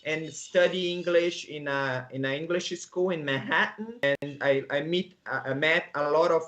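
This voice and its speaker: A Brazilian man, a Portuguese native speaker, talking casually as an interview guest in halting English with many restarts and soft laughs. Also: fairly high pitch. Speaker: guest, coffee agronomist.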